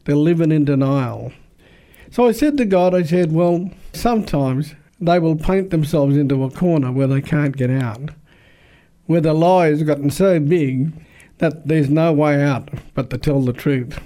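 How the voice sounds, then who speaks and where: A man preaching as a pastor, recounting a conversation with earnest repetition. His voice sits slightly high for a man and sounds mellow and warm rather than bright. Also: a little slow. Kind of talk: sermon-style storytelling.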